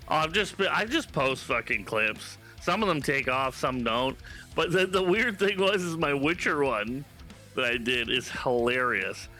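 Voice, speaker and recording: A man from Canada streaming games, chatting casually and telling stories in an animated, profane way. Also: medium pitch, a little slow, faint music behind. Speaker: game streamer. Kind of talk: casual live-stream chat.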